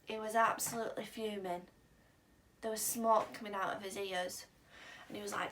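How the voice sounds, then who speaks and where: A woman's voice: medium pitch, fairly even intonation, moderate pace, fairly bright tone. A young woman telling a personal story in a chatty, rambling vlog style, full of "um" and "like". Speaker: vlogger. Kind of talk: casual storytelling. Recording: slightly distant mic, faint background hiss.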